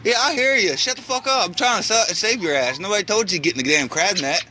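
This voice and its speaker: Speaking quickly in a high, sharp voice with lively intonation, a man films a vlog outside at his home's back door. Sweating and terrified, he panics, curses and shrieks as he attempts to free a trapped bird. Slight background noise can be heard.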